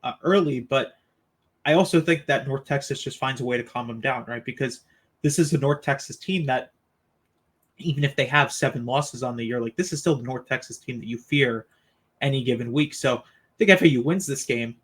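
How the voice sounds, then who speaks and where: A man's voice: mid-range voice, brisk, breathy edge. A man hosting a sports podcast, chatting casually and asking his co-hosts for predictions. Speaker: podcast host.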